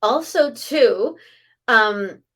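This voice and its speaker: A middle-aged woman, a psychic medium, chatting through a live reading for viewers and passing on messages with quick asides. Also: a little high, expressive, fairly bright tone.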